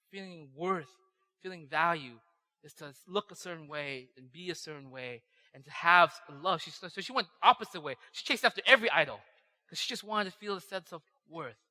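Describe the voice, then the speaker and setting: A male pastor talks quickly and brightly, his slightly high voice carrying through a church hall with a long echo. He tells his story in a lively, chatty way and keeps asking the room "right?". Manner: animated, conversational, tags lines with "right?". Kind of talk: sermon storytelling.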